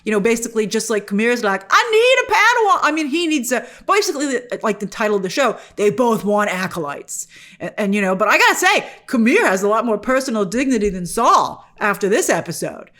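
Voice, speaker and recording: A woman hosting an online show, giving a casual spoken review with animated, exasperated energy and asking the viewers questions. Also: mid-range voice, quick pace. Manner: animated and exasperated, often mock-quoting characters; talks directly to the viewers with questions.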